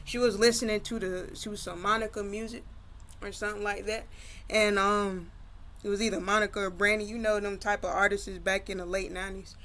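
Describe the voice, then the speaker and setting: A woman's voice: medium pitch, level tone, brisk, fairly bright tone, a little hiss or hum. A woman casually retelling her own story, loose and conversational with many fillers.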